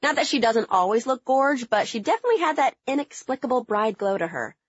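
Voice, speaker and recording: A woman narrating her own memoir as a comedic audiobook, with an animated, wry, punchy delivery. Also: a little high, brisk, breathy edge, dry recording. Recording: slightly dull, dry lo-fi audio.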